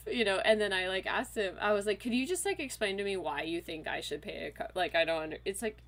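A woman in her thirties, a podcast guest, telling a weekend story in a casual, animated way, full of fillers and quoted voices. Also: medium pitch, fast, hardly any pauses. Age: 30s.

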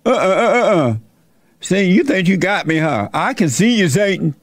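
A man's voice: high voice, lively intonation, moderate pace, dry recording, studio quality, voice pushed up. A man playing a defiant faithful man. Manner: firm, defiant.

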